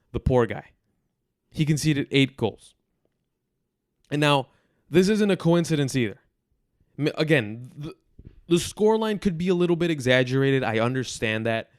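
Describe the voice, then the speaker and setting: A man's voice: mid-range voice, smooth, no room sound, clean studio sound. A man in his twenties hosting a football podcast, bluntly venting his frustration and repeating points for emphasis. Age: 20s. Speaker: podcast host. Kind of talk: football commentary monologue.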